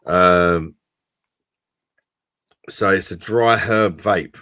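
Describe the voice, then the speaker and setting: A man with a low voice and a forceful, bright edge, chatting casually on his live stream. He is laid-back and sweary and laughs often, heard dry and close with no room sound. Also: very slow, no room sound. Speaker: host of a drinks review live stream.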